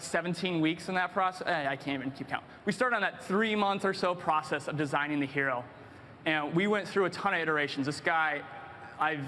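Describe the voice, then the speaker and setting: Guy hyped up presenting at a con panel, high voice, faint room hum behind. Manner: excited, animated storytelling. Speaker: game designer presenting on stage. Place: large convention hall stage.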